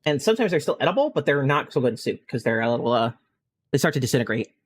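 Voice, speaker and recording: A man's voice: mid-range voice, racing, slightly rough. A man telling a funny story in casual chat while streaming a game. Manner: animated anecdote-telling, often breaking into laughter. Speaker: gaming streamer.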